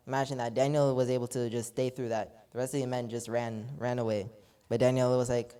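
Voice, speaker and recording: A man's voice: mid-range voice, fairly even intonation, a little fast, dark tone, smooth. A man preaching a sermon, reading scripture aloud and retelling it with repeated rhetorical asides.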